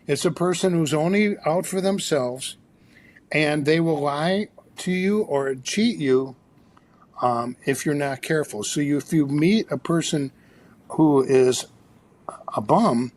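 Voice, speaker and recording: A psychologist and author, a man, telling an animated anecdote as a podcast guest, with frequent restarts. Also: fairly high pitch, a little slow, slight background noise. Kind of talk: storytelling in a podcast interview.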